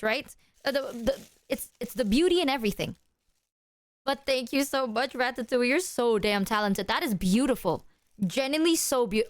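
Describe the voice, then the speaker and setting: A woman streamer chatting to her viewers, excitable and apologetic as she shows off gifts. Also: a little high, dry recording, studio quality. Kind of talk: casual stream chat to viewers.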